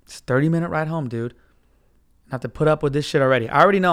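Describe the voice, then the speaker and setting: A podcast host tells a story very fast in a smooth, clear, fairly bright voice pitched a little high. He rambles, swears casually, and slips into other people's voices along the way.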